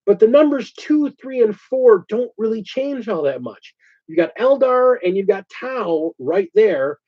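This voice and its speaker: Male host, expressive and chatty, ranting casually over a muffled, lo-fi recording. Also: high-pitched, measured pace. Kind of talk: casual chat. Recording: dull lo-fi sound.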